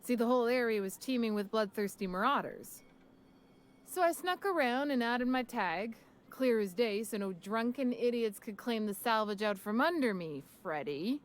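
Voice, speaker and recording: An actress voicing a tough, sharp-tongued female salvager in a video game, blunt and scornful. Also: fairly high pitch, animated, normal speed, lightly acted. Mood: defiant.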